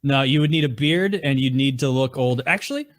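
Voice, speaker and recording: A man co-hosting a podcast, joking and teasing with quick riffs in mock voices. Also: medium pitch, slight background noise. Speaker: podcast co-host. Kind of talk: casual joking banter.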